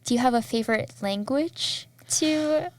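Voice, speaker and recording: A woman's voice: sits high, a little slow, no echo. A woman interviewing a guest, attentive and giving many short acknowledgments. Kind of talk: casual interview.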